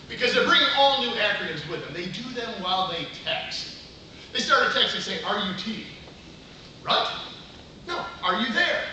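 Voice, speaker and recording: A middle-aged man giving a humorous contest speech with punchy comic timing and quick asides, to an audience in a large meeting room. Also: sits high. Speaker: contest speaker. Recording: echoey room from far off. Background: audience laughter and room noise.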